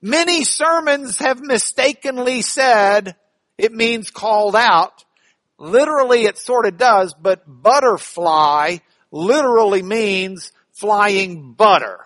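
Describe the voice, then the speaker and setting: A man's voice: sits high, animated, slow pace, fairly bright tone, dry recording. A man teaching a church Bible class in a playful, joking way, spelling out words.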